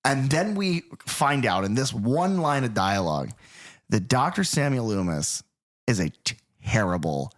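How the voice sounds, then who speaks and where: A man co-hosting a podcast, chatting casually and animatedly about a horror film, swearing freely and slipping into quick impressions. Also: medium pitch. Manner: animated, swearing, mimics characters. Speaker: podcast co-host.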